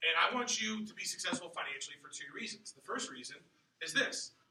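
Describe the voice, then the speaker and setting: Pumped-up guy running a sales training, kinda high voice, far from the mic. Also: a little fast, a little hiss or hum. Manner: energetic, rhetorical questions to the room. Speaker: sales office manager. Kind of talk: motivational training talk. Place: room with audience. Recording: echoey room, mic at a distance.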